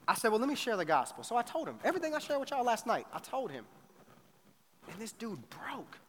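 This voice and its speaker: A middle-aged man preaching a storytelling sermon, animated and slangy, acting out both sides of a conversation. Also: extremely high pitch, brisk. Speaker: pastor. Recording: faint noise, long hall reverb.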